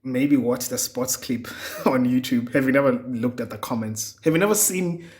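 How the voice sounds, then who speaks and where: A man's voice: mid-range voice, moderate pace, a little mellow. A young man hosting a solo podcast, rambling casually with plenty of swearing and chuckles. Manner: rambling, profane, chuckling often. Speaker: podcast host.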